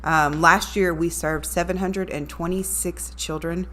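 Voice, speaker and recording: Chatty radio woman, lowish voice. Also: fairly even intonation, measured pace, a bit bright. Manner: upbeat, chatty, talks to viewers directly. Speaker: radio voice talent and morning show co-host, guest. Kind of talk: casual interview chat.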